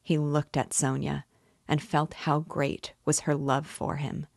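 Slow, low-voiced woman reading a classic. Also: vocal fry, dry recording, studio quality. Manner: measured, steady reading. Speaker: audiobook reader and guide. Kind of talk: classic novel read aloud.

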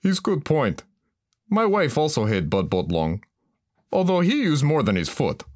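A man's voice: fairly high pitch, wildly swooping pitch, a little slow, a little mellow. A man doing a brash guy in broken English. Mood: insistent. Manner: broken English, drops articles. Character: brash man playing a swaggering Texan persona. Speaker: comedy sketch character. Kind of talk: comedic sketch acting.

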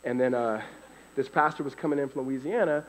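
A man from California telling a live faith testimony, animated and often laughing as he acts out voices. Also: mid-range voice, fairly quick, long reverb tail, poor audio. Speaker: storyteller giving a faith testimony.

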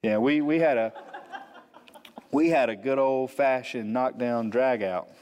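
A man, preaching as a pastor and telling a funny personal story, animated, acting out the quotes. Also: mid-range voice, a little slow, clean tone. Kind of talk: storytelling sermon. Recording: long hall reverb.

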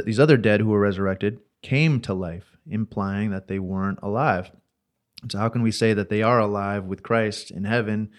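Low-voiced man explaining scripture. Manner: explains patiently, reads scripture aloud, many fillers. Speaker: podcast co-host. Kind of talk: casual theological discussion.

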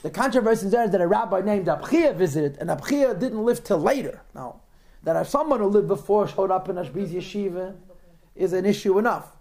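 A man's voice: high voice, lively intonation, a little fast, a little mellow. A man teaching a class on a religious text, posing rhetorical questions to his students and answering their remarks. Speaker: Torah teacher.

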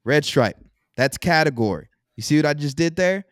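Smooth-voiced man explaining business ideas. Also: fairly high pitch, normal speed, no room sound, clean studio sound. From Texas. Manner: energetic, explains with examples and rhetorical questions. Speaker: podcast guest, entrepreneur. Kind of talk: casual podcast interview.

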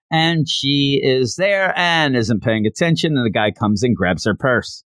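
Casual male recapper, chatty and jokey, mid pitch, dry sound. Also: animated, measured pace, no room sound. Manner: chatty, joking, many fillers. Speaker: reviewer.

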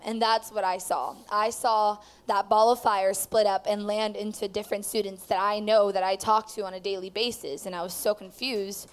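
A woman's voice: mid-range voice, fairly even intonation, moderate pace, few pauses, clear, resonant tone. A woman telling her personal testimony at church, rambling with many fillers as she tells the story. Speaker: student giving testimony.

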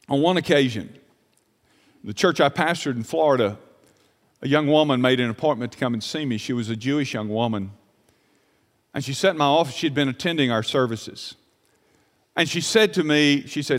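A man preaching a sermon as pastor, moving between loud preaching and quiet storytelling. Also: mid-range voice, normal speed. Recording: long reverb of a large hall.

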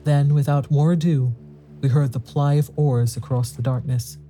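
A man narrating a classic horror story in a measured, steady storytelling manner. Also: mid-range voice, faint music behind.

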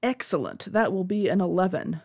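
A woman plays a tabletop horror game, explaining her moves with giggles. Her mid-pitched voice moves lively up and down. The sound is dry. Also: moderate pace, breathy edge, no room sound. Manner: giggly, expressive. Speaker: player.

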